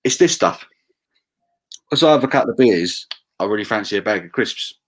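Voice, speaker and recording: A low-voiced man from the Suffolk coast chats over beers in a relaxed, playful way. His pitch swings around a lot as he jokes. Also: fairly quick. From Suffolk coast, England. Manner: chatty, laughing, playful. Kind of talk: casual beer chat.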